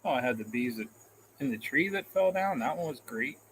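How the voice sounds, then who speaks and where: A man's voice: medium pitch, animated, a little fast, fairly bright tone, slight background noise, rough recording. A man hosting a casual live stream, reading out comments in a rambling, self-deprecating way and chuckling often, into a phone camera. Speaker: livestream host.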